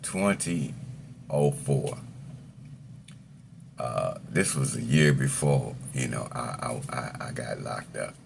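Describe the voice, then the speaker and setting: A man's voice: very deep voice, slow pace, gravelly, long pauses, noisy background. A middle-aged man telling a story about his past in casual, profane street talk, rambling through fillers and chuckling between phrases.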